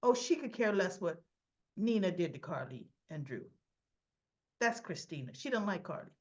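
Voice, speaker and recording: A woman giving a casual, chatty recap of a soap episode, addressing her viewers directly in an animated, gossipy way. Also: lowish voice, moderate pace, highs cut off. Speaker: soap opera recap vlogger.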